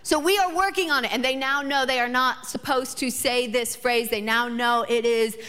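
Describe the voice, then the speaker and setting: A woman in her thirties delivers a sermon, her voice a little higher than most. She builds passionate repeated phrases, then slips into relaxed storytelling. The sound carries a long hall reverb. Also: moderate pace, clear, resonant tone. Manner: emphatic repetition, rising passion. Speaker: pastor. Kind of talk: sermon with personal stories.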